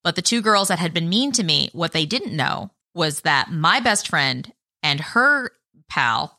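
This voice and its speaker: Bright-voiced woman telling a swearing story. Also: lowish voice, very animated, measured pace, no room sound, studio quality. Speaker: podcast co-host. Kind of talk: casual storytelling chat, heavy swearing.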